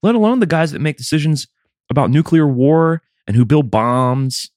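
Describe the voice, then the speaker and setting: A man in his thirties from the American South co-hosts a podcast, chatting casually in a rambling, wry and sometimes profane way. His voice is slightly high, expressive and a little mellow at normal speed, recorded dry with studio quality.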